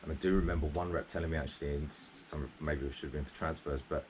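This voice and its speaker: A man's voice: rumbling low, fairly even intonation, quick pace, a little mellow, slight background noise. A man co-hosting a casual chat, telling funny stories from his time as a holiday rep with plenty of laughter. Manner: laughing anecdotal storyteller. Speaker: podcast co-host, former holiday rep.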